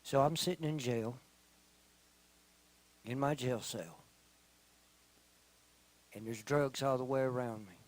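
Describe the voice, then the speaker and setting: A middle-aged man giving a personal testimony in church, telling his story slowly and earnestly, often dropping to a quiet voice. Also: mid-range voice, low-quality recording. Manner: slow, earnest storytelling with quiet, soft-spoken stretches. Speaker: testimony speaker.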